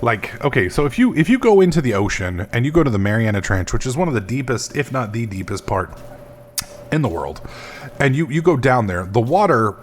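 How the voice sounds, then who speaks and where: Rambling, foul-mouthed gaming host. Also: male voice, mid-range voice, sing-song, fairly quick, slight background noise. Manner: rambling, profane, self-mocking. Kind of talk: casual gameplay commentary.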